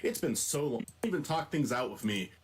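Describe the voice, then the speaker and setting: A man voicing a troubled young man who is bitter about his family, speaking in a soft, slightly raised voice for fan audio drama takes. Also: mid-range voice, expressive, a little fast, natural voice. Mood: resentful.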